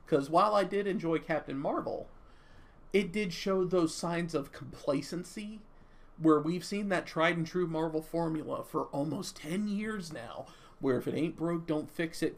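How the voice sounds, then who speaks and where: Chatty young man with gravelly voice. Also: a little high. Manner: rambling, stammering, chatty. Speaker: movie reviewer. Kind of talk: casual off-the-cuff review.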